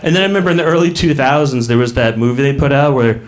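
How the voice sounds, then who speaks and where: A man's voice: medium pitch, rapid-fire. A man in his late thirties doing a stand-up comedy set in a club, rambling and self-mocking, bursting into acted voices. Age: late 30s.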